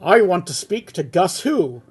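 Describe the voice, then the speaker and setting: A man's voice: sits high, sing-song, normal speed, a little mellow, slightly rough, full character voice. A man doing a grouchy, impatient Grinch. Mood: irritated. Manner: exasperated, grouchy outbursts. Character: grumpy impatient green male Grinch. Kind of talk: comic script reading.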